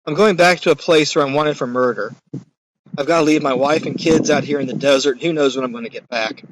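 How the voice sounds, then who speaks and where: A man's voice: on the high side, fast talker, slight background noise, lightly acted, rough recording. A man quoting a weary, doubtful man who pleads with God in casual, everyday speech, using his own voice. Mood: worried. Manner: earnest, pleading.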